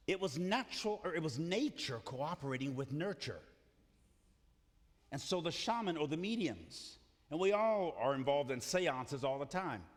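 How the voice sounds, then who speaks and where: High bright preacher guy, church hall echo, punchy delivery. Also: expressive, moderate pace. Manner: emphatic, calls on the congregation to repeat phrases. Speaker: pastor. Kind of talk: sermon. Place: church sanctuary.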